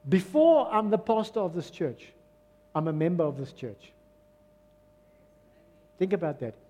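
A man with a South African accent preaching a sermon as pastor, swinging from loud exclamations to soft, low asides. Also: very animated, unhurried, big-room sound. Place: church hall.

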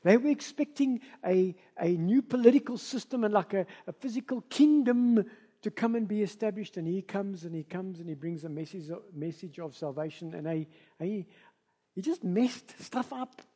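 A woman's voice: mid-range voice, animated, moderate pace, breathy edge. South African woman preaching with surging emphasis. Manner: swings between soft asides and loud emphatic passages. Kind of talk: sermon.

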